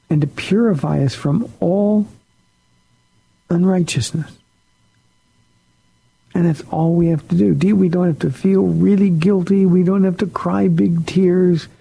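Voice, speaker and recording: A man's voice: on the high side, creaky, dark tone, breathy edge, low-quality recording. A pastor on a call-in radio show, a man answering listener questions in an earnest, plain-spoken way.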